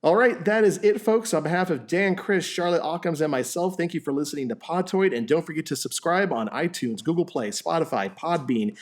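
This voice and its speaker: A man hosting a podcast in casual chat, jokey and animated, swearing freely. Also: a little high, brisk, few pauses. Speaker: podcast host.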